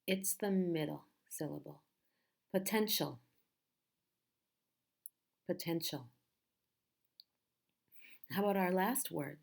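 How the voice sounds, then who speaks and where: A woman teaching a pronunciation lesson, speaking slowly and patiently and repeating each word carefully. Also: on the low side, creaky, a little mellow.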